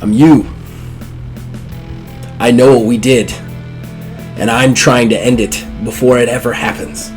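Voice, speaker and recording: A man voicing a weary, menacing male villain who is the hero's own future self, speaking low and slow. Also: fairly even intonation, soft background music, close to an everyday voice. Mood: grim.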